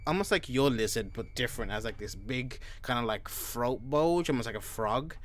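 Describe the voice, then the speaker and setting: A young man running a tabletop game as game master, narrating slowly with many ums and pauses. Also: mid-range voice, animated, heavy background noise. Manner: slow, halting narration full of ums and uhs.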